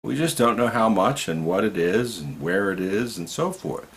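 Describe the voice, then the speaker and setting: A man's voice: on the low side, animated, moderate pace, gravelly, fairly bright tone. A man giving an impassioned political monologue to camera, indignant and ranting, often rising to outbursts. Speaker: video commentator.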